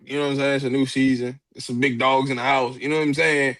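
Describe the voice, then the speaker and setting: A man's voice: mid-range voice, level tone, fast, a bit bright, no room sound. A man co-hosting a sports podcast, trash-talking rival fans in a brash, slangy way. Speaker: podcast co-host. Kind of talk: casual sports talk.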